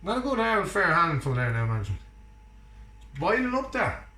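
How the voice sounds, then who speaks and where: A man's voice: on the high side, very animated, moderate pace, sharp tone, reverberant. An Irishman chatting and joking while he cooks at home, bantering with someone off camera. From Ireland. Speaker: vlogger cooking at home. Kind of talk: casual chat while cooking. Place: home kitchen.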